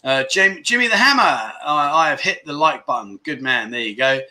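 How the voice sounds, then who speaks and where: A man's voice: on the high side, expressive, moderate pace, sharp tone. A man hosting a casual live stream, reading viewer comments aloud in a jokey, scattered way and laughing at his own slip-ups. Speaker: livestream host.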